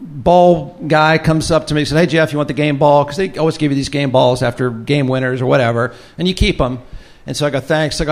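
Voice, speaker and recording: A man's voice: fairly high pitch, a little fast. A man who hosts the show, telling an old football story to a live audience and acting out the voices in it. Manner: lively, acts out quoted voices. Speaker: host, former football kicker.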